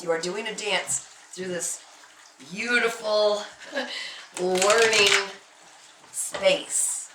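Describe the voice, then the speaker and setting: Set back from the microphone in a reverberant room with a little background noise, a woman delivers a tarot reading. Her medium-pitched voice is bright and forceful as she speaks straight to the listener with emphasis and reassurance.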